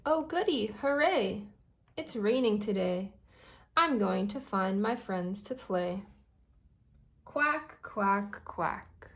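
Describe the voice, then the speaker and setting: A woman's voice: mid-range voice, expressive, slow pace. A woman voicing a cheerful little male duckling in a storybook, reading in a sing-song way.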